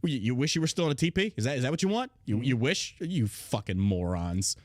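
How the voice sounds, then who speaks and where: A very animated, fast-talking man with a medium-pitched voice hosts a podcast in clean studio sound with no room sound. He reads out history and rants casually, mocking crudely and swearing a lot.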